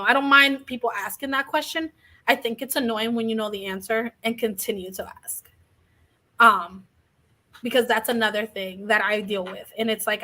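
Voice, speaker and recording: A young woman with a bright, fairly high voice tells her own story as an interview guest. She rambles openly and slips into quick acted quotes of others, with a touch of asthma cough. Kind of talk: candid personal story in an interview.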